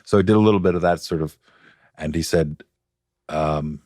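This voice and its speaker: A man as a guest in a podcast interview, telling stories in a relaxed, chuckling way. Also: sits low, normal speed, no room sound, studio quality. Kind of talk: casual chat. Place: podcast studio.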